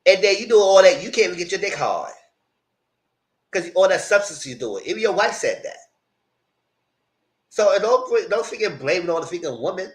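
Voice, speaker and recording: A man's voice: high voice, animated, normal speed, long pauses. A man hosting a casual live recap of reality TV. He talks bluntly and profanely and laughs often. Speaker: channel host reviewing reality TV.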